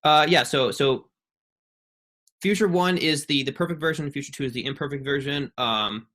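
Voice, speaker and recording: A young man giving a casual student presentation on a video call, halting with many ums and restarts. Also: fairly high pitch, sharp tone. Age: young adult.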